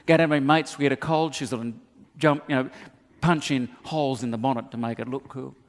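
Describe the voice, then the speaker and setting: This pastor's mid-range voice moves briskly through a sermon of humorous anecdotes, which he tells animatedly, acting out the voices. The sound carries long hall reverb.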